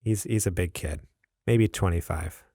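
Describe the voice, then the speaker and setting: Young male podcast co-host, gravelly, rambling storyteller, dry close sound. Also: low voice, unhurried, dark tone, no room sound. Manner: rambling, laughs often. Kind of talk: casual chat, storytelling.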